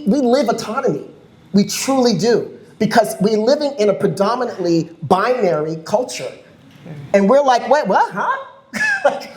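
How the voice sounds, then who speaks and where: A woman speaks on a panel at a community gathering, sweeping her pitch up and down as she tells a story and acts out the voices in it. Her talk comes across as impassioned and often laughing. The sound carries the echo of a large room. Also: darkish tone. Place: community event hall.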